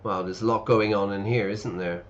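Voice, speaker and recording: Talkative teacher-streamer man, lowish voice, dull lo-fi audio. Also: fairly even intonation, normal speed. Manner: chatty, explains words and reads game text aloud. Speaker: English teacher streaming a game. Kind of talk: casual let's-play commentary.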